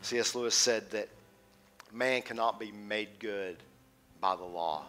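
A man in his thirties preaching a sermon as a teaching pastor, swinging from loud and passionate to hushed and intimate. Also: lowish voice, a little slow, pauses often, soft background music.

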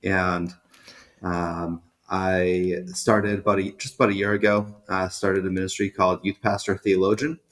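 A man talks in a slightly low voice. He is a chatty podcast guest, telling stories with lots of restarts. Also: flat delivery, normal speed, a bit bright. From greater Boston area. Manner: chatty storyteller, many fillers and restarts. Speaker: youth pastor, podcast guest. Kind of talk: casual interview chat.

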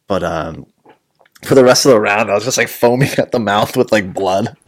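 A man's voice: fairly low pitch, moderate pace. A man hosting a casual podcast chat as a jiu-jitsu instructor, rambling, swearing and laughing often.

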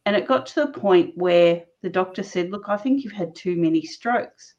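A woman guest telling a personal story in a casual, animated way, often laughing mid-sentence. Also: on the low side, moderate pace. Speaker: interview guest. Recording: dull lo-fi sound.

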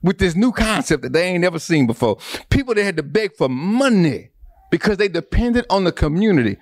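A man's voice: high voice, very animated, a little fast, no room sound, studio quality. A man preaching a sermon, repeating phrases and building emphasis. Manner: preaching with repetition and rising emphasis. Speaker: pastor.

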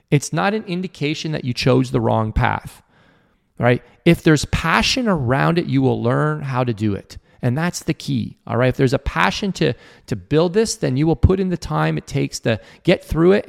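A podcast host with a fairly high, creaky voice coaches entrepreneurs in an earnest, motivational tone. He acts out the people he quotes.

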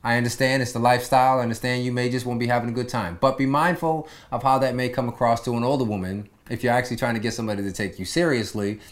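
A man's voice: medium pitch, racing, hardly any pauses. Man hosting a relationship talk show. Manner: relaxed, advice-giving, with lots of agreeing "yeah". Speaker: podcast host. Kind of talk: casual chat.

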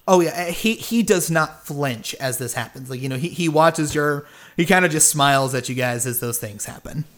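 A man's voice: on the high side, normal speed, fairly bright tone. A man running a tabletop game as game master, narrating loosely with fillers and restarts.

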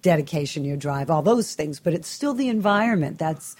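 A woman hosts an interview in a very low, mellow voice. She listens closely and reflects her guest's ideas back in easy conversation. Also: expressive, fairly quick. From Southern California, US. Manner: engaged, reflective, sums up the guest's points. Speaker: radio show host, interviewer.

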